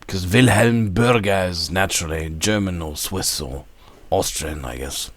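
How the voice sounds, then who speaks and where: A man hosting a let's play, talking slowly and musing to himself as he plays. His voice sits a little low. It is recorded dry on a close mic with no room sound. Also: lively intonation, no room sound. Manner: musing, talks to himself while playing. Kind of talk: casual gameplay commentary.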